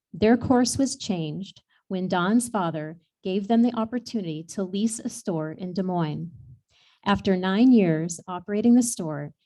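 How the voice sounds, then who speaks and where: Woman presenter, mellow tone, steady reading of honoree bios. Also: medium pitch. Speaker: event presenter.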